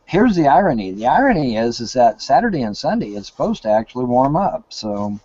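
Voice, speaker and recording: A man's voice: mid-range voice, big pitch swings, a little fast, dark tone, no room sound. Guy rambling on a video call, folksy and hesitant, kinda muffled lo-fi sound. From Kentucky, USA. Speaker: live hangout host. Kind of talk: casual chat. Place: home in the woods. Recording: dull lo-fi call audio.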